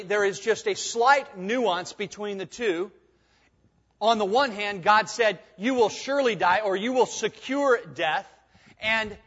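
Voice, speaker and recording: A male pastor preaching a sermon in a church sanctuary, swinging between hushed and emphatic delivery. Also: sits high. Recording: dull sound with long hall reverb.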